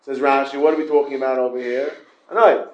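A man's voice: medium pitch, steady tone, fast, highs cut off. A man with a Yeshiva English accent teaching an informal Talmud class, mixing Hebrew and Yiddish terms into his English and questioning his students.

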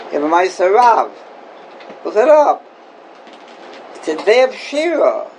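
A man's voice: sits high, wildly swooping pitch, unhurried, darkish tone, a little hiss or hum, low-quality recording. A man teaching an informal Torah class as a rabbi, questioning and emphatic, repeating his key points.

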